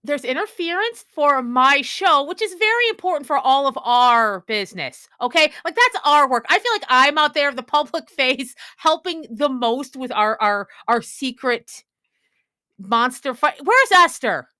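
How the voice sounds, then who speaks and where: Flustered, dramatic woman in role-play, very animated delivery, dry close mic. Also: high voice, a little slow, no echo. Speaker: tabletop game player. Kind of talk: in-character role-play as a radio host.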